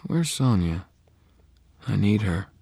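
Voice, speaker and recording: A man's voice: lowish voice, animated, takes it slowly, vocal fry, mellow, husky, no room sound, voice pushed up, heavily acted. A man doing a weak, mumbling exhausted man. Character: exhausted, feverish grown man waking weakly.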